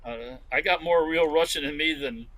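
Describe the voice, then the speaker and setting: A man's voice: a little high, moderate pace, a crowd in the background, poor audio. A man co-hosting a podcast in casual chat, blunt and rambling, swearing freely. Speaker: podcast co-host.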